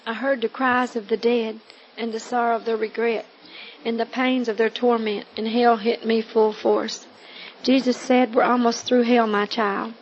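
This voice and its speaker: A woman recounting her testimony as a taped sermon, earnest and pleading, slowing to stress her words. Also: on the high side, little pitch movement. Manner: earnest, pleading, slow and emphatic. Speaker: evangelist telling her testimony. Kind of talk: recorded testimony sermon on tape. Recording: dull lo-fi tape recording with faint hiss.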